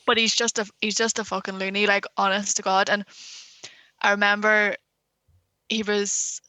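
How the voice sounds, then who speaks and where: A woman's voice: mid-range voice, little pitch movement, normal speed, sharp tone, dry recording. A young Northern Irish woman co-hosting a podcast, telling stories in a blunt, sweary chat. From Northern Ireland. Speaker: podcast co-host. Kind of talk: casual chat.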